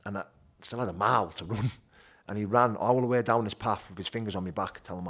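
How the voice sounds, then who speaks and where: A man with a Teesside accent telling his rough childhood story as an interview guest, blunt and animated, swearing freely. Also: on the low side, fast talker. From North East England. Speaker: guest, bare knuckle fighter. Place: gym.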